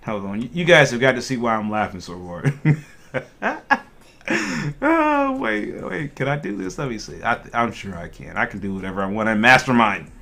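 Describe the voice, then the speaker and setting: Lively, bright-voiced male livestream host. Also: mid-range voice, normal speed, gravelly. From Ohio. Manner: animated, laughing, talks to chat. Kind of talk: casual livestream chat.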